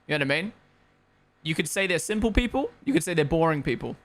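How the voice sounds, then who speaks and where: A man's voice: fairly high pitch, very animated, fast, a bit bright. A young man from Australia and New Zealand, chatting casually on a live stream into a headset, rambling and opinionated, swearing freely. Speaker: streamer hosting a race watchalong. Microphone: gaming headset.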